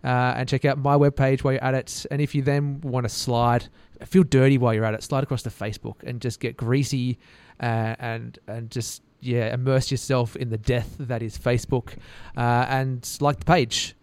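A man hosts a casual podcast from a radio studio, joking along and making fun of himself. His voice is smooth and clear, and the studio mic sounds dry and close. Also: medium pitch, little pitch movement, normal speed, few pauses, a little mellow, no room sound. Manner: joking and self-mocking. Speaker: podcast host.

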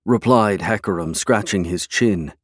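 A man reading scripted narration for an audiobook in a measured, even way. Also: lowish voice, no room sound, studio quality.

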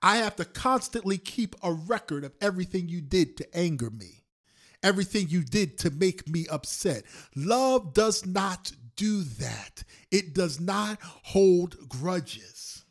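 A male pastor preaching a sermon on a prayer call, repeating lines slowly for emphasis and swinging between loud and soft. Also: high voice, lively intonation. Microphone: phone call.

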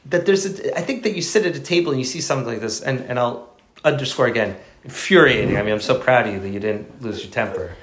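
A man's voice: mid-range voice, fast, fairly bright tone, a little hiss or hum. A man teaching a study group in an informal lecture, rambling and emphatic, often restarting his sentences. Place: indoor room with a group. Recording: echoey room.

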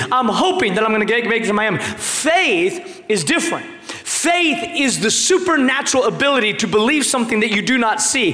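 A man in his thirties preaching a sermon, animated and jokey, with emphatic shouts. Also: very high voice. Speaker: pastor. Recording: echoey hall.

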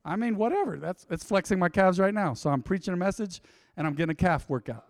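Speaking quickly, this male pastor delivers an emotive, energetic sermon, his high, bright voice swinging from loud outbursts to quiet asides. The sound is close and dry, though a long hall reverb follows behind it.

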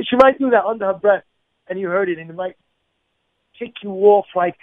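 A man's voice: high-pitched, fairly quick, long pauses, dry recording. A man giving an informal moral lesson, repeating himself and asking rhetorical questions. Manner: repetitive, rhetorical questions, acts out quoted people. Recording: tinny phone-like dry recording.

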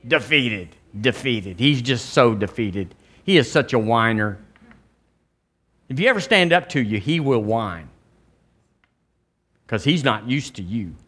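A man with a Southern American accent, a pastor preaching a charismatic sermon and prayer, with emphatic delivery and sudden loud high rises. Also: animated, a little slow, long pauses. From Alabama, US. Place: church sanctuary.

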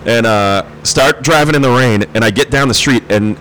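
A man spins a loose, rambling story in casual chat. He laughs through his words and swears freely, at a middle pitch. A faint hiss of noise sits under his voice. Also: normal speed, a bit bright, poor audio.

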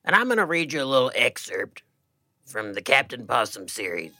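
A man co-hosting a comedy podcast, reading his own silly story in a folksy deadpan and stubbornly defending it. His voice sits at an ordinary middle pitch and is very bright and forceful, with faint music behind him. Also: normal speed. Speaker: podcast co-host and author. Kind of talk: comic reading of his own story, then casual chat.

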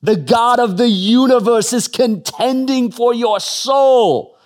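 A man doing an impression of an Australian male preacher, with a put-on Australian accent, slow and loud and proclaiming. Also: extremely high pitch, voice pushed up.

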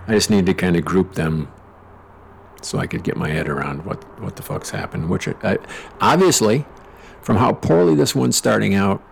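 A middle-aged man with a very low, gravelly voice rambles through a podcast story. He swears freely and wanders into sarcastic asides. Faint noise sits behind him. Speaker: podcast host. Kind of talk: casual storytelling monologue.

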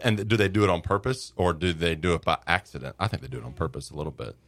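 Low-voiced guy on a radio show, teasing and joking, swings his pitch all over. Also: expressive, fast, a bit bright, no echo. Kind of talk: casual chat. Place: radio studio.

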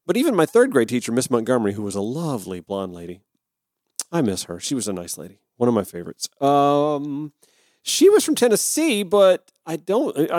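A man's voice: fairly high pitch, a little mellow, no echo, studio quality. Chatty man from Georgia hosting a show. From Georgia, USA. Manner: conversational, self-deprecating, thinks aloud. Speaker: podcast host. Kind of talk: reading an article with chatty asides.

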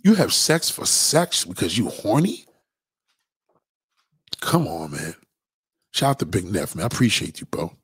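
A man's voice: on the low side, sing-song, measured pace, long pauses, slightly rough, no echo, studio quality. A man hosting a blunt, profane ranting monologue to his viewers. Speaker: host.

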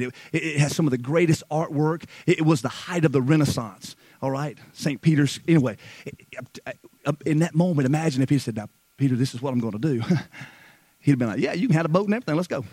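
A man preaching a sermon who moves between hushed, slow passages and loud, fervent stretches, often repeating words. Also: medium pitch, husky, dry recording, poor audio. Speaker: pastor.

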